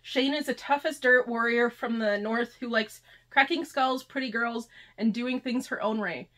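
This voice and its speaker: A woman hosting a casual unboxing vlog, excitable and gushing, sometimes reading book blurbs aloud. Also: fairly high pitch, normal speed. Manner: excitable and gushing, often near tears. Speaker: channel host.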